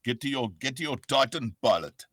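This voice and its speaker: A man's voice: medium pitch, animated, a little fast, a bit bright, dry recording, studio quality, voice pushed up. A man doing Commander Blisk, a barking South African merc. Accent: South African, put on.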